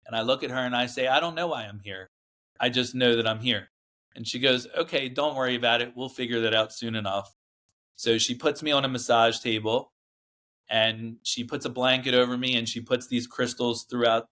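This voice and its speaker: A man's voice: mid-range voice, a bit bright. A man, a podcast guest, telling a personal story in a casual, earnest way, with lots of fillers and restarts.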